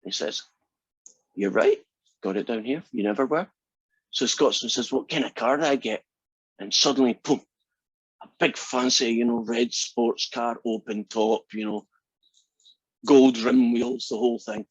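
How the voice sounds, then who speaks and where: A male instructor lecturing to a class in a chatty, joking way. His voice is a little husky, and the recording sounds dry and dull, like lo-fi classroom audio. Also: mid-range voice, moderate pace, dry recording. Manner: chatty, tells jokes with asides. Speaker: math instructor.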